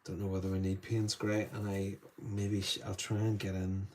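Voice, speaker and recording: A man's voice: low-pitched, completely flat delivery, normal speed, a little hiss or hum. A man with a Northern Irish accent, chatting casually as he runs a live painting demo and greets viewers by name. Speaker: art tutor streaming live.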